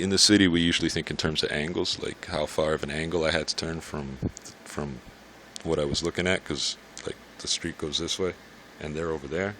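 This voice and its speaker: A man's voice: deep voice, fairly bright tone, a little hiss or hum. A man in a casual vlog monologue, rambling and swearing in an irritated rant, recorded outdoors on a city street. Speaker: vlogger.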